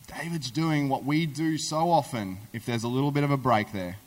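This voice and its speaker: Animated man preaching in an echoing hall. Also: mid-range voice, normal speed, hardly any pauses. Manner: animated storytelling, conversational. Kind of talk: sermon. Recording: echoey hall.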